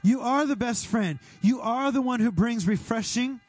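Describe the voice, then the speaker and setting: Guy pastor praying hard over the room, pretty high voice, dry close sound. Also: normal speed, no room sound, soft background music. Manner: fervent praying, rising to shouts. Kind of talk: sermon prayer.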